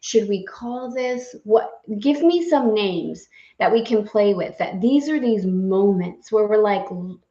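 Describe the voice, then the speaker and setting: A woman's voice: mid-range voice, expressive, a little slow, few pauses, dark tone, roomy sound, dull audio. A woman guiding a live spiritual lesson, playful and effusive, laughing often as she leads affirmations and breathing. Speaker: spiritual course guide. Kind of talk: live guided affirmation session.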